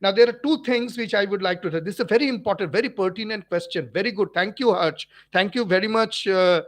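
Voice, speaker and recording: A man with an Indian English accent hosts a physics livestream, talking through viewers' questions in a high, light voice. He repeats himself for emphasis and often restarts mid-sentence, with plenty of "uh"s between points. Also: quick pace. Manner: emphatic and repetitive, with frequent fillers and restarts. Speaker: physics teacher and channel host. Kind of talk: livestream talk answering viewer comments.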